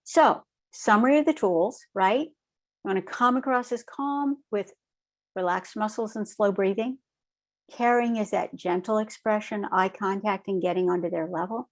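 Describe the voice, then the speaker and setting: A middle-aged woman teaching a training session in a calm, measured way, often checking in with "right?". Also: medium pitch. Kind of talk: recorded online training lecture.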